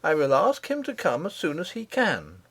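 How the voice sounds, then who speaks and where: A man's voice: fairly high pitch, wildly swooping pitch, moderate pace, a bit bright, breathy edge, pitched above the performer's own voice, exaggerated voice. Storybook figure: little princess girl, raised voice, earnest and composed as a male narrator puts her on.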